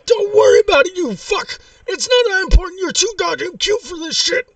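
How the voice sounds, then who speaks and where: A man voicing a furious old male war veteran on a prank call, shouting and cursing in a high, strained voice that breaks into sobs. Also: very animated, fairly quick, vocal fry, no echo, recorded from a distance, exaggerated voice. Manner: shouting, cursing, sobbing rants. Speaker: prank caller.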